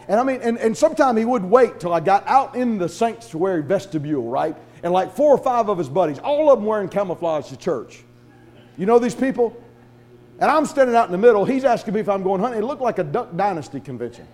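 High-voiced animated pastor, man. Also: quick pace. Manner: animated, acts out voices in his stories. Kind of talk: sermon with storytelling.

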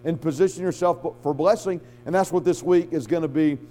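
A pastor preaching an emphatic sermon that relies on repetition and call-and-response. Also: male voice, a little high, a little fast, mellow.

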